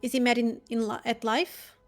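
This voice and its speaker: A woman's voice: fairly high pitch, little pitch movement, normal speed, faint music behind. A woman playing a tabletop game, asking hesitant questions with a giggly manner. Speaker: player.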